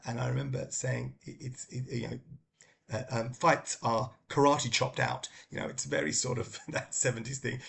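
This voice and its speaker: A man's voice: medium pitch, gravelly, a little hiss or hum. A middle-aged man casually recommending books, talking in a rambling way with many ums and restarts. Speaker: book vlogger.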